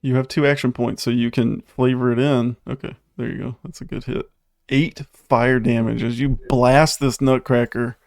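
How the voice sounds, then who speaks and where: A man's voice: mid-range voice, little pitch movement, normal speed, gravelly, a little mellow, no room sound, clean studio sound. Easygoing man running a tabletop game. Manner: easygoing, laughs often, narrates results. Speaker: game master.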